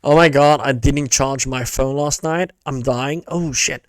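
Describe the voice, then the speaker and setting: Laid-back, slow-talking male streamer. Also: mid-range voice, steady tone, no room sound, studio quality. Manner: laid-back, rambling, swears casually. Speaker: VTuber streamer. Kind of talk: casual stream chat.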